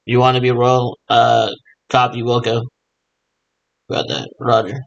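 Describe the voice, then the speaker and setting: A man with a voice of ordinary middle pitch rambles on his own. He mimics radio check chatter and keeps answering himself in a loose, repetitive back-and-forth. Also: completely flat delivery, a little slow, creaky, dry recording, lo-fi sound. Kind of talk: rambling improvised monologue.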